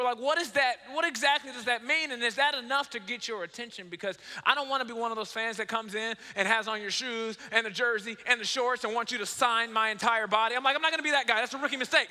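A man in his thirties, a pastor preaching a sermon, telling stories in an animated way, acting out dialogue and joking about himself. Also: very high-pitched. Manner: animated storytelling, acts out dialogue, self-mocking humor. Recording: long hall reverb.

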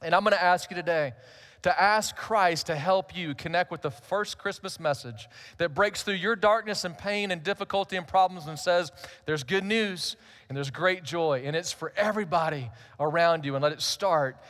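A man's voice: high-pitched, normal speed, a bit bright. A middle-aged male pastor, telling a humorous personal story in a conversational sermon.

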